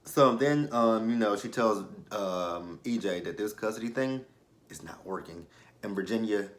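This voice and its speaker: A man with a somewhat low voice runs through a TV episode in casual, slang-heavy talk. He curses freely, laughs often and leans on plenty of ums as he goes. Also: a little slow. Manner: loose, profane, laughing, with slang and many fillers. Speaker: TV episode reviewer, channel host.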